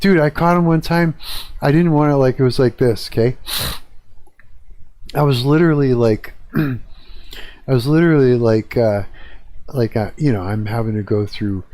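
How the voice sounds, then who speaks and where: A man's voice: medium pitch, fairly even intonation, normal speed, pauses often, mellow, no room sound. A young man ranting casually and profanely to his live-stream viewers from his hot apartment, talking into a desk mic. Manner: profane, rambling, chatty with viewers. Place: hot apartment room with a fan. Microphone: desk mic at computer.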